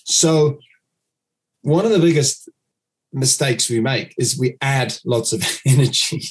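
Animated man explaining dog training. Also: medium pitch, takes it slowly. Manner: animated, acts out dog owners' commands. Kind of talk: interview guest explaining.

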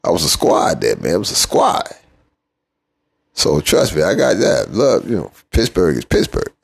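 A man's voice: low-pitched, wildly swooping pitch, moderate pace, gravelly, husky. A middle-aged man hosting a podcast, ranting casually and teasingly about football rivals, laughing often and trailing off into mumbles. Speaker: podcast host. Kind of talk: casual sports rant.

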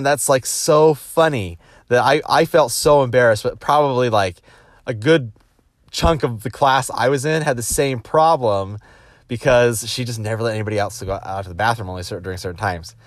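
A man's voice: medium pitch, normal speed, dry recording, clean studio sound. A man, a business executive, telling personal stories in a casual motivational talk, acting out the people he quotes and restarting his sentences often. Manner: animated, acts out quoted voices, frequent restarts.

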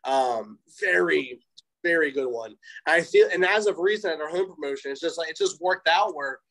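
A young man tells a story in a casual interview, full of fillers and restarts. He acts out the voices of the people involved and lets his pitch leap when he does. His delivery stays loose and chatty. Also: normal speed, low-quality recording. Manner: animated, acts out quoted voices, frequent fillers. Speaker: interview guest, pro wrestler.

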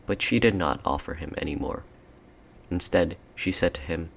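Man, very deep voice, measured audiobook narration, faint hiss. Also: vocal fry.

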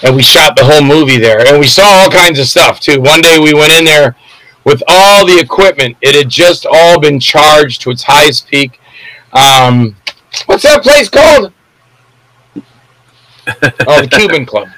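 A man's voice: on the high side, expressive, measured pace, long pauses, pushed and bright, rough recording. A man, an independent film director and guest, telling stories in a casual, rambling way and often losing names mid-sentence.

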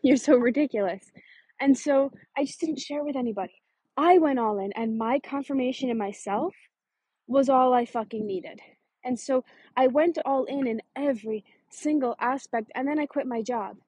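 A woman business coach in a casual motivational monologue, emphatic, swearing freely, with a fast, punchy delivery. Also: high-pitched, a little mellow, husky, dry recording.

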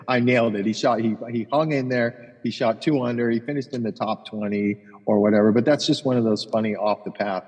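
A man's voice: medium pitch, steady tone, brisk, hardly any pauses, a little mellow, husky, in a large hall, low-quality recording. A man, a golf caddie co-hosting a podcast, telling long profane anecdotes in casual chat, often restarting his words.

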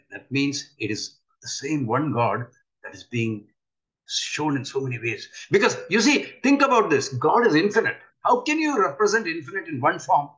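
An older man giving an earnest spiritual talk, often pausing to ask his listeners rhetorical questions. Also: high-pitched, fairly bright tone, dull audio. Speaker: spiritual teacher.

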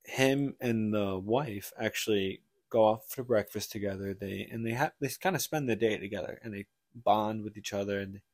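A man co-hosting a casual book podcast rambles through a retelling of a story, full of "like" and restarts. He speaks at a moderate pace in a lowish, slightly mellow voice, with clean studio sound and no echo.

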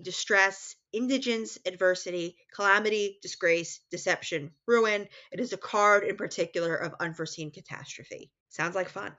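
A woman with a New York accent co-hosting a podcast, explaining a novel in an animated, explanatory way and laughing at her own slips. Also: mid-range voice, muffled recording. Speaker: podcast co-host. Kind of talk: casual literary discussion.

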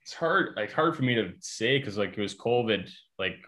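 A man's voice: lowish voice, normal speed. A young adult man, a guest in a casual chat, telling stories with lots of fillers. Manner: relaxed, filler-heavy storytelling. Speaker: guest, hockey player.

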